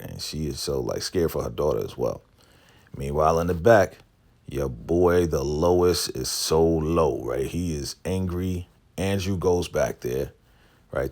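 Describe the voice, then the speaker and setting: A man giving a laid-back episode recap, acting out the characters' lines and laughing often. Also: rumbling low. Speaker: recap vlogger.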